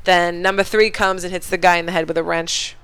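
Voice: medium pitch, level tone, a little fast, fairly bright tone, clean tone, no echo. A podcast host casually retelling a movie's plot, swearing a lot and rambling through it with many fillers. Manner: rambling, profane, filler-heavy storytelling. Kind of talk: casual movie recap chat.

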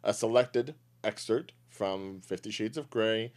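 A man's voice: lowish voice, unhurried, a little mellow. A man hosting a casual podcast chat, joking and rambling as he talks. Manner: joking, rambling, chuckles often. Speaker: podcast host.

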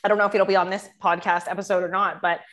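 A woman's voice: on the low side, level tone, quick pace, a bit bright. A woman hosting a business podcast, gushing and laughing often as she introduces her guest. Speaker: podcast host. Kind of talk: casual podcast chat.

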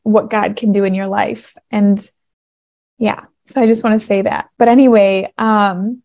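A woman's voice: mid-range voice, fairly even intonation, a little slow, vocal fry, darkish tone. Woman, 30s, solo podcast host. Earnest, emotional, casual storytelling. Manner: emotional, earnest, laughing through tears. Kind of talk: casual faith podcast monologue.

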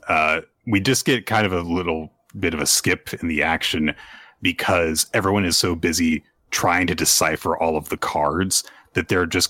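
Deep-voiced man recapping a comic. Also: pushed and bright, no echo. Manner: rambling, laughs between points. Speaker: podcast host. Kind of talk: casual podcast recap.

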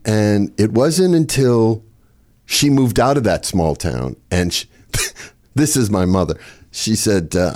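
An older man with a fairly low voice spins wry stories about his family as an interview guest. He laughs at his own punchlines and moves easily from setup to joke. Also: lively intonation, measured pace, darkish tone. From Boston area. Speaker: comedian guest. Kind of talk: storytelling interview.

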